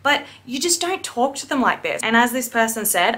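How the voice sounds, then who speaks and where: Woman piercer, bright tone, blunt and indignant commentary, salty language. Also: mid-range voice, a little fast, hardly any pauses. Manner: blunt, indignant, swears freely. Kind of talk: ranting reaction commentary.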